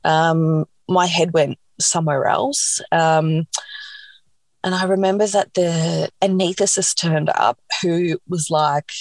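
A woman's voice: deep voice, takes it slowly, no room sound. A woman, a podcast guest, telling a personal story candidly and animatedly, acting out what people said and saying "like" a lot. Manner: animated, acts out quoted dialogue, frequent "like".

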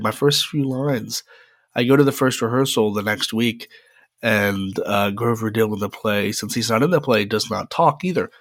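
A young man tells a personal story in a loose, rambling way, dotting it with "uh" and "um". His voice sits a little low, and the recording is close and dry with no room sound. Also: normal speed, fairly bright tone, dry recording. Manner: chatty, rambling, frequent "uh" fillers. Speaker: podcast host. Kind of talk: casual solo storytelling.

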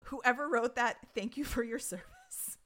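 A woman co-hosting a podcast, recapping a TV episode in expressive casual chat with some swearing. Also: on the high side, unhurried. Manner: bright, expressive, swears freely. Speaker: podcast co-host.

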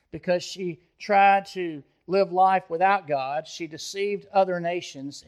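A middle-aged man preaching a sermon, teaching through a Bible passage verse by verse and reading the scripture aloud with rising emphasis. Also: a little high. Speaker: pastor.

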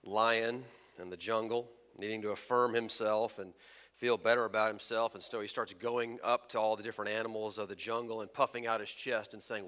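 Male pastor, unwell and fatigued, chatty sermon delivery, bright tone, long church-hall reverb. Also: lowish voice, fairly even intonation, a little fast. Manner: conversational, self-deprecating, prays softly.

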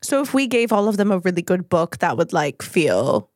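A woman at a tabletop game who needles and pushes with sarcasm and a habit of swearing. Her pitch bounces around in a lively way, and she is recorded close and dry. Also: normal speed, no echo. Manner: sarcastic and pushy, swears freely. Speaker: player. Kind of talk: in-character tabletop play.

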